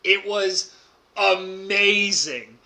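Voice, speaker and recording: Bright-voiced excitable man telling a story. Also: high-pitched, very slow, gravelly. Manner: excitable, heavy use of "like" fillers, laughs mid-story. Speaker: streamer. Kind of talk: casual storytelling about a card game.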